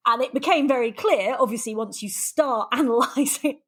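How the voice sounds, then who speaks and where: A woman's voice: a little high, moderate pace, a bit bright, breathy edge. A woman hosting a podcast, chatting casually, laughing often and wandering off on tangents. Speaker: podcast host.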